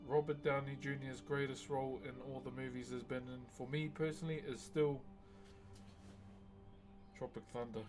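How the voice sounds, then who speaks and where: A man's voice: mid-range voice, flat delivery, normal speed, pauses often, music in the background. Laid-back New man streaming. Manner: laid-back, laughs a lot, slangy. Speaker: live streamer. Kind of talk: casual live-stream chat.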